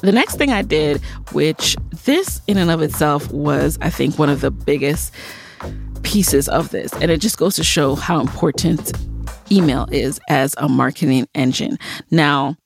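Gravelly podcast host giving tips. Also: male voice, on the high side, a little slow, music in the background. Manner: conversational, upbeat, practical. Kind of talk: solo podcast advice talk.

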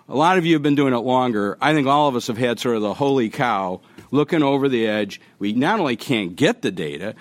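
A man speaking at a conference panel with an animated, joking storyteller's manner. His pitch rises and falls widely as he talks. He sits at a middle pitch for a man.

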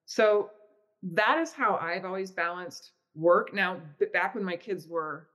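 A woman yoga teacher and co-host telling about her routine in a relaxed, chatty way. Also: lowish voice, unhurried. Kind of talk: casual podcast chat.

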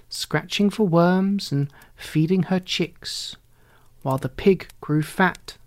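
A storyteller reading a children's tale aloud in a gentle, unhurried manner. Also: mid-range voice.

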